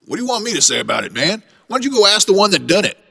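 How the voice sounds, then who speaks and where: A man voicing a rough, defensive father who talks back sharply. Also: medium pitch, sing-song, normal speed, sharp tone, long reverb tail, heavily acted.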